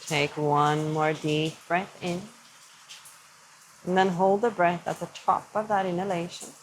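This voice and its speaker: Calm young woman yoga instructor, low-leaning voice, unhurried and gentle. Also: slight background noise, rough recording. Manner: slow, gentle and soothing. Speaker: yoga teacher.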